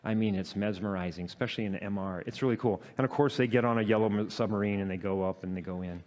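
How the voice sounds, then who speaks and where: A man giving a talk to an audience, telling a personal work story in a halting way with many fillers and self-deprecating laughs. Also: fairly low pitch, darkish tone.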